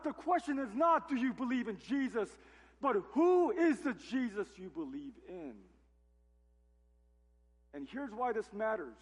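A man's voice: very high-pitched, husky. A man preaching a sermon as pastor, emphatic and full of rhetorical questions, in a church sanctuary. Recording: long hall reverb.

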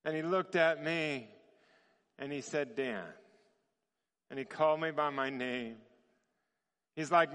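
A man's voice: a little high, slow, long pauses, smooth. A man preaching a sermon, telling a story and acting out the dialogue with laughter. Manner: animated, acts out dialogue with laughter. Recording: long reverb of a large hall.

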